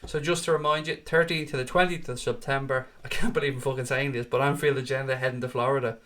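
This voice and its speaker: A man's voice: mid-range voice, fairly even intonation, fast talker, fairly bright tone. Dublin Irish man in his thirties, chatty. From Ireland. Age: 30s. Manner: chatty, swears freely, calls viewers mate. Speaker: watchalong host. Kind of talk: casual live stream chat reading comments.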